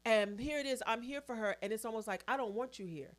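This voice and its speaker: A woman co-hosting a podcast, telling a painful personal story in a forceful, emphatic way and close to tears. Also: a little high, quick pace. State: choked up. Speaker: podcast co-host. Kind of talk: emotional personal story in casual chat.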